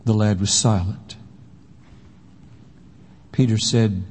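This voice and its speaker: A man narrating a story in rhyming verse, slow, deliberate and solemn. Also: mid-range voice, a little mellow. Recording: long hall reverb.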